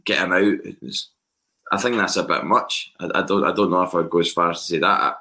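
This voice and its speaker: A Scottish man joining a football podcast as a pundit, talking in a measured, casual way as he weighs his points. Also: low-pitched, fairly bright tone.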